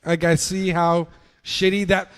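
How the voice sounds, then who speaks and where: A young New Yorker guesting on a podcast tells a story in a casual, unhurried way, with a fairly high voice. He gets animated, swears freely, and acts out the voices of the people involved.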